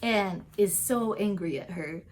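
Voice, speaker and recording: This TV recap and tarot vlogger has a medium-pitched, slightly mellow voice as she chats excitedly about recent episodes. Her talk is loaded with "like" and "um," and she briefly performs the characters' lines in fast little asides.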